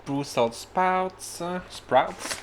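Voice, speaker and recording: A podcast host with a mid-range voice talks very slowly and casually while cooking in his home kitchen. He rambles, laughs, and swears through each step, with background noise audible.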